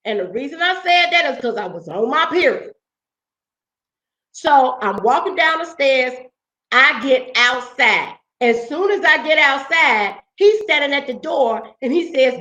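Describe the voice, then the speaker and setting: A woman's voice: high-pitched, lively intonation, measured pace, a bit bright. A woman vlog host telling a story in a blunt, profane, confrontational way, often checking in with her listeners. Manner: blunt, profane, keeps asking "okay?". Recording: roomy echo, dull lo-fi sound.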